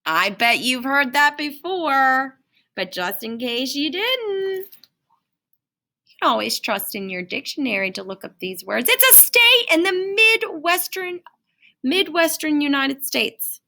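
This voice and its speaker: A woman's voice: high voice, sing-song, measured pace, bright, forceful tone. A woman teaching a phonics lesson to children in a singsong, encouraging way. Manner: singsong, encouraging, talks to young learners.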